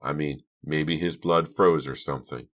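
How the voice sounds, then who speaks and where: A man's voice: a bass voice, normal speed, fairly bright tone. A man voicing a thoughtful teenage boy who reasons things out and soothes others, in an audiobook.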